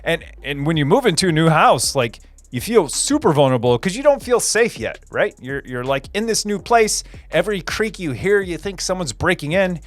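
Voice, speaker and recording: A man's voice: fairly high pitch, very animated, moderate pace, no echo. A man hosting a casual livestream, chatting with viewers and rambling through answers with many fillers and repeated phrases. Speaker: livestream host.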